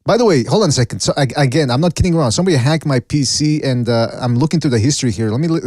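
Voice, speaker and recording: A man hosting a casual panel podcast, reading out chat shout-outs and trying to keep the panel in order. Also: medium pitch, expressive, racing, no room sound, clean studio sound. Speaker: podcast host.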